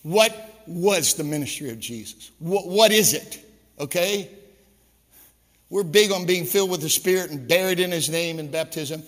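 Emphatic high-voiced preacher man. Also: normal speed, big-room sound. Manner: emphatic preaching, drops into hushed storytelling. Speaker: pastor. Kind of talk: sermon.

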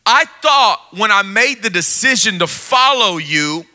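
A man preaching a sermon, playful and animated, acting out scenes with put-on voices and then dropping to quiet intensity. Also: high-pitched, a little slow. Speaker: pastor.

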